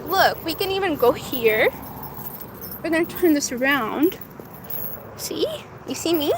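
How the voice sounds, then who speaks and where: A woman's voice: high-pitched, animated, a little slow, long pauses, noisy background. A woman livestreaming from a phone in her car, casually reading viewer comments aloud and chatting back. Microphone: phone camera.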